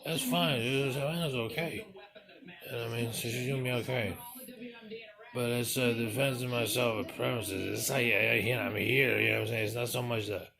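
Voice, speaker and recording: A man's voice: medium pitch, moderate pace, vocal fry, a crowd in the background. A man talking casually in a rambling way, restarting his sentences, swearing, and asking "you know what I mean" again and again.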